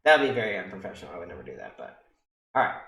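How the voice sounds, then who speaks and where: A man's voice: deep voice, big pitch swings, rapid-fire, gravelly, fairly bright tone. A young man working in EMS, rambling through stories in a casual, profane way and often checking in with "okay?" and "right?". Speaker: EMS worker telling stories on stream. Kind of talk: casual storytelling on a livestream. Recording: echoey room.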